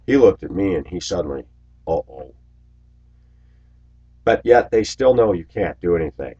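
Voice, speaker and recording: A man in his forties telling stories in a rambling monologue to his viewers, raising his voice loudly when he acts out what people said. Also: low-pitched, animated, moderate pace, slightly rough, muffled recording. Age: 40s. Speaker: video blogger. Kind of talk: casual monologue to camera.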